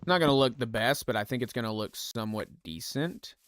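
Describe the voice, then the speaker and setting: Music runs under this live building-game stream as the male streamer thinks out loud in casual commentary, joking at his own expense and talking to viewers. His mid-range voice is brisk and fairly bright, with a little hiss or hum on the recording.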